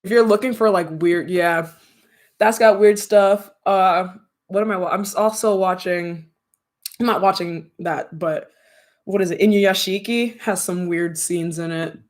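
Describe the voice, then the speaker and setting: A young adult streamer chatting casually with viewers, rambling, slangy and quick to laugh. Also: mid-range voice, steady tone. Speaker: streamer and audio creator. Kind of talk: casual livestream chat with viewers.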